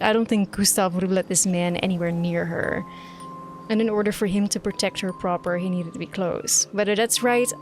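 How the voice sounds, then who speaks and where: A woman streamer reacting live to a game, ranting emphatically and swearing freely. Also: mid-range voice. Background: quiet game music.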